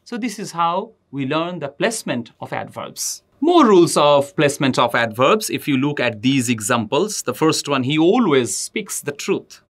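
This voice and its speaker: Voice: mid-range voice, very animated, normal speed, hardly any pauses. A teacher giving a grammar lesson, addressing students directly and repeating example sentences with emphasis. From Bangladesh. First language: Bengali.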